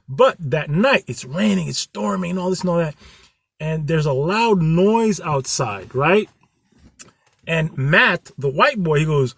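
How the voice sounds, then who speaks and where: A man speaks straight to his viewers in an earnest, rambling way, often stopping and restarting his sentences. His voice sits a bit high and moves a lot up and down. The sound is close and dry. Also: lively intonation, a little slow, gravelly, a bit bright, husky, no room sound. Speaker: channel host. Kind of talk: candid vlog talk to viewers.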